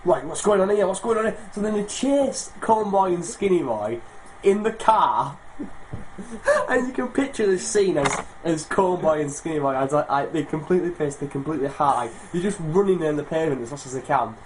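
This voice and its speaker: A man's voice: on the high side, animated, normal speed. Laughing young Englishman telling a story. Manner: rambling, laughs through his own anecdote, swears freely. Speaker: podcast co-host. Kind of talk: casual chat, storytelling. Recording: noisy home recording.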